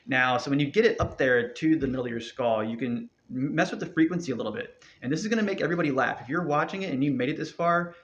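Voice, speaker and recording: Man, meditation teacher, loose encouraging delivery, mid-pitched, dull lo-fi recording. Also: fairly bright tone. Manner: loose, rambling, encouraging, with many fillers. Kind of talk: casual spoken instruction. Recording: dull lo-fi sound.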